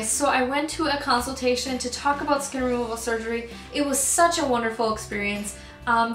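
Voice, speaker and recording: A woman's voice: sits high, a bit bright. Emotional young woman vlogging in echoey room. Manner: emotional, gets choked up; rambling with many ums. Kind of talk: personal vlog storytelling.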